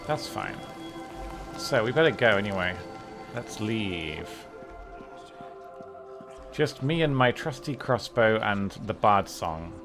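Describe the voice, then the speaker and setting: A man's voice: on the low side, lively intonation, slow pace, pauses often. A man streaming a video game, giving casual commentary in a dry, offhand way, with some swearing. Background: game music.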